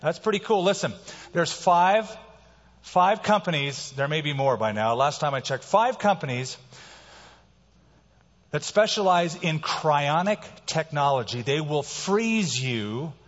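A man preaching a sermon in a slightly higher voice, moving between hushed, slowed lines and sudden loud bursts of emphasis. The sound is a bit dull, and his voice trails off in a long reverb, like a church sanctuary. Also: animated. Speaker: pastor.

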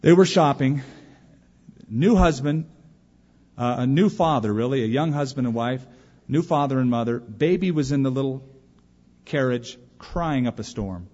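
Man preaching, husky voice, lively pitch, long hall reverb, dull lo-fi recording. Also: moderate pace, long pauses. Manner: animated storyteller who acts out quoted voices. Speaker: pastor. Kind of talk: sermon.

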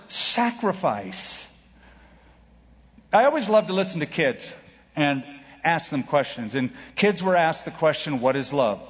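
A man preaching a sermon as pastor, emphatic, with dramatic pauses and big swings in pitch. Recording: dull reverberant hall recording.

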